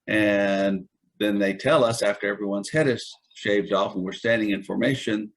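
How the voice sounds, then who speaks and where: An older man in his seventies with a husky, low voice tells his stories with a wry chuckle. He speaks as a veteran in a relaxed interview. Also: normal speed. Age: 70s. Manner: wry, chuckling while recounting anecdotes. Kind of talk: casual storytelling interview.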